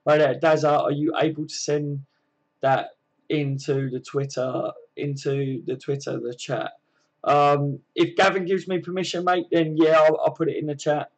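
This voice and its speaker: Calling everyone mate, a friendly livestream host chats from home and reads viewer comments aloud. His voice sits on the high side with little pitch movement, at a moderate pace.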